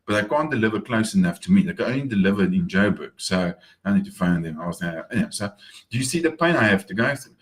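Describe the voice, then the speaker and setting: A man talking casually in an upbeat morning vlog, repeating words as he goes. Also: lowish voice. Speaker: marketing vlogger.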